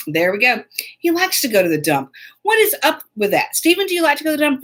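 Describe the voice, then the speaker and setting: A woman's voice: high-pitched, sing-song, brisk, a bit bright. Chatty woman hosting a live stream. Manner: chatty, laughs often, greets viewers by name. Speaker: host. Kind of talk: casual live-stream chat.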